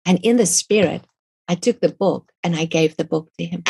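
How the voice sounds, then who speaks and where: A woman's voice: on the low side, moderate pace, creaky, noisy background. A middle-aged woman, a guest author, telling an emotional, earnest story of faith in an interview. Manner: emotional, earnest storytelling, non-native phrasing. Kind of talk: testimony in an interview.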